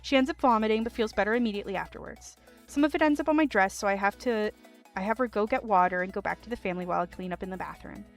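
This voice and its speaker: A woman streamer reading online stories aloud, with animated commentary and laughing asides. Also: medium pitch, rapid-fire, faint music behind.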